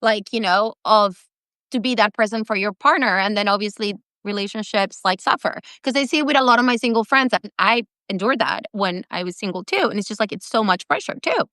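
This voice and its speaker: A woman hosting an interview in a chatty, casual way, peppering her questions with fillers. Her voice sits at a middle pitch and is recorded close and dry. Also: a little fast, pushed and bright, dry recording. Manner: chatty, lots of likes and fillers. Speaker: host. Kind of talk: conversational interview.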